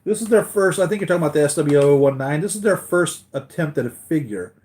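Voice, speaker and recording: A man's voice: on the high side, lively intonation, fast talker, darkish tone. A man hosting a live collectibles stream, chatting casually with viewers, tired after a sleepless night and rambling with many restarts.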